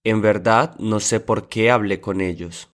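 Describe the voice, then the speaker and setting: A man with a somewhat low voice reads example sentences for a language lesson. He says each one twice in a calm, measured way.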